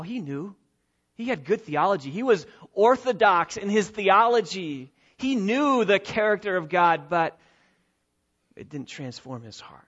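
A man with a high voice preaches a sermon as a pastor. He swings between quiet, thoughtful asides and raised, emphatic lines. The recording is slightly dull and lo-fi.

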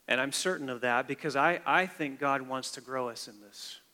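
A man preaching a sermon, swinging between emphatic, rising declarations and quiet, hushed lines. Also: medium pitch, moderate pace. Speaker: pastor. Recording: long hall reverb.

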